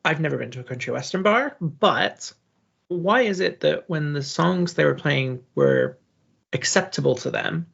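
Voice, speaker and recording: A co-host chatting casually on a movie podcast, relaxed and quick to laugh. The voice sits mid-pitch with noticeable gravel and fry. The recording is dull and lo-fi. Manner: relaxed, laughs easily, asks questions. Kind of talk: casual chat.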